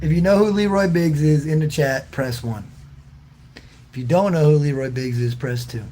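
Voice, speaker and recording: A man with a slightly high voice hosts a relaxed livestream, chatting straight to his viewers. He jokes around in easy slang and laughs often as he answers their comments. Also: normal speed, a little hiss or hum. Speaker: livestream host reading chat. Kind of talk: casual livestream chat.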